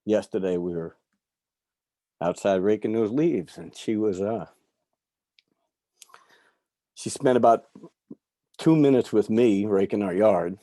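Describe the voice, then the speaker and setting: A middle-aged man from New York giving a candid personal recovery talk, telling stories with soft asides. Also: lowish voice, slow pace, pauses often, dry recording. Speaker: recovery speaker.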